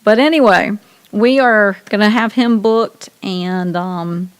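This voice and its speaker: A woman's voice: mid-range voice, takes it slowly, clear, resonant tone. Chatty Southern woman co-hosting. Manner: chatty, laughs often, tells stories at length. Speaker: radio show co-host. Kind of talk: casual chat.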